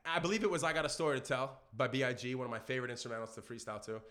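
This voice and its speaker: A young man with a New York accent, a podcast guest telling stories in an animated way and acting out the quotes. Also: mid-range voice, rapid-fire. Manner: animated storyteller, acts out quotes loudly. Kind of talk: casual storytelling chat.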